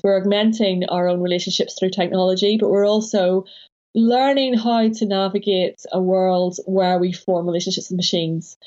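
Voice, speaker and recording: A woman's voice: lowish voice, warm tone, dull audio. A woman author being interviewed, speaking thoughtfully with some hesitation and frequent laughs. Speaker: author and guest. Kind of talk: conversational interview.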